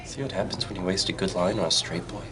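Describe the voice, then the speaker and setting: An actor playing a flamboyant, joking best friend in a 1990s game, quippy and theatrical. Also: male voice, sits low, fairly even intonation, fast talker, a crowd in the background, natural voice. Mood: sassy. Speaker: game character.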